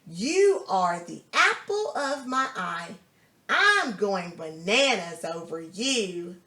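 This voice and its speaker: A woman reading a picture book aloud to a young child, slow and sing-song, stopping to ask questions and praise the answers. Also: mid-range voice, fairly bright tone, reverberant. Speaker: storybook reader.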